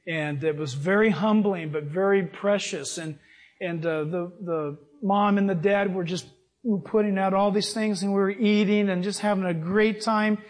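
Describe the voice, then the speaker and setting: A man preaching a sermon, reading scripture and telling personal stories in a lively, animated way. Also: high voice, normal speed. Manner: animated, acts out voices in his stories.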